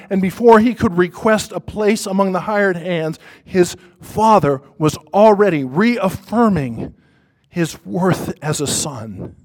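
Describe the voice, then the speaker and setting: Male preacher with a high voice, live sermon, emphatic, builds and drops to a hush. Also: unhurried. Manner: emphatic, repetitive, swings from loud to hushed. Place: church before a congregation.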